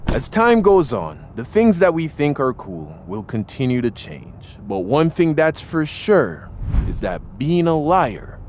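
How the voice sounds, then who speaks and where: A man's voice: on the high side, huge pitch swings, slow pace, darkish tone, slight background noise. A man casually telling a story from his own life in slangy talk, acting out the people in it. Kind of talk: animated storytime narration.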